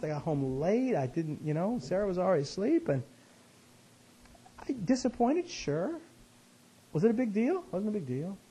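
A man telling a personal story in a conversational sermon, animated and self-deprecating, his voice jumping up high when he gets excited. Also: breathy edge. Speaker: speaker, Christian teacher. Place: West Coast of the US.

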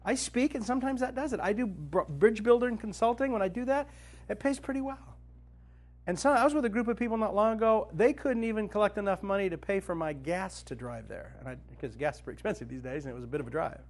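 A man's voice: sits high, quick pace, a little mellow. A male Christian speaker and author telling a personal faith story to a group, acting out the dialogue with self-mocking humor.

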